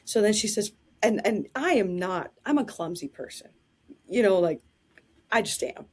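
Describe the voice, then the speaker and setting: A woman telling anecdotes in a casual interview, animated and quick to laugh. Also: mid-range voice, breathy edge.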